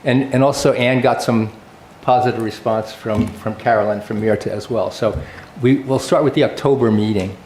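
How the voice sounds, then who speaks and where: A man chairing a town committee meeting, relaxed and halting, with many pauses and fillers. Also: on the low side. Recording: echoey meeting room with faint noise.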